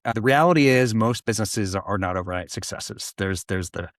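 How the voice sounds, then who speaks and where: Chatty middle-aged man with a low voice. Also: brisk, dry recording, studio quality. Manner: animated, restarts often, acts out quoted voices. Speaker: guest, business founder. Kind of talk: casual interview storytelling.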